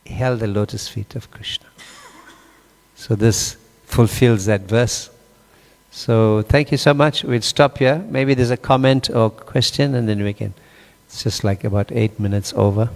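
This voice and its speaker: In a hall with long reverb, a man leads a scripture class, telling a story with animation and quizzing his listeners. His voice is fairly low and unhurried, with some vocal fry.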